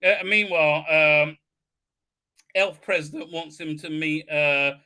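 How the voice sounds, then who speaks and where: A man's voice: on the high side, steady tone, takes it slowly, bright, forceful tone, smooth. A man hosting a live show, mocking what he watches in a crude, sarcastic way, full of "uh, uh" fillers and silly put-on voices. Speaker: host.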